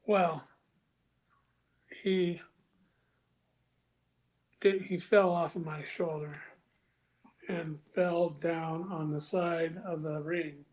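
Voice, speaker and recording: A man guest on a podcast, telling a story casually and acting out other people's lines in a louder voice, with some profanity. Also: fairly high pitch, drawn-out words, long pauses. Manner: animated, acts out quoted dialogue with raised voice; crude, profane.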